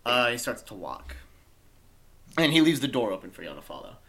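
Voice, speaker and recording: A man's voice: medium pitch, sing-song, brisk, fairly bright tone. A man narrating as game master in a casual, filler-heavy way, swearing now and then.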